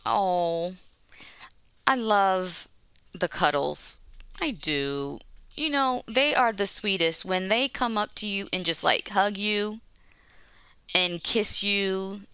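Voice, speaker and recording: A woman in her forties speaks as a guest, telling her story warmly and laughing often. Her voice is bright and smooth, a little low, and recorded dry and close. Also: lively intonation, takes it slowly, pauses often, no echo. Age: 40s. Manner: warm, laughing, faith-driven storytelling. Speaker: guest, mother. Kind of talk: casual interview chat.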